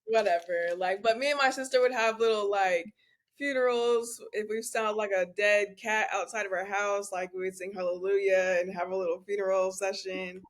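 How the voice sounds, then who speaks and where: A woman's voice: mid-range voice, fairly even intonation, normal speed. A young woman guesting on a casual podcast, telling stories in a chatty way full of fillers.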